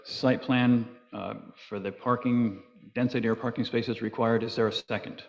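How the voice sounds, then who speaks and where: A man's voice: medium pitch, fairly even intonation, normal speed. Man chairing a town board meeting. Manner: procedural, thinks aloud with fillers. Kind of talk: public meeting discussion. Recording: echoey hall, dull lo-fi sound.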